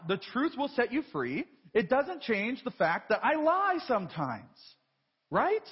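High, lively male preacher in a reverberant church. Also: slightly rough. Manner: conversational and self-deprecating, with rhetorical questions. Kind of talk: sermon. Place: large church. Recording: dull live broadcast with long church reverb.

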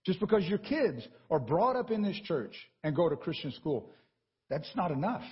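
A man preaching a sermon in a church, animated and conversational, often checking in with the congregation. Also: fairly high pitch, moderate pace, long reverb tail, highs cut off. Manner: animated and conversational, with frequent "right?" asides.

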